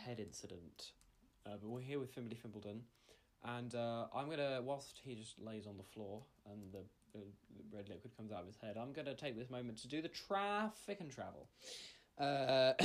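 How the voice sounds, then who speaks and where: Man, podcast host, mid pitch, rambling stammery improv storyteller. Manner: rambling, stammering, escalating rant.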